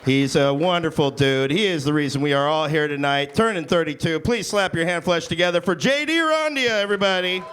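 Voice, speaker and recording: A man's voice: a little high, fairly quick, few pauses, a bit bright, a little hiss or hum. A man hosting a comedy roast, keeping the banter loose, joking and profane. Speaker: host and emcee of a comedy roast. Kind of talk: live emcee banter.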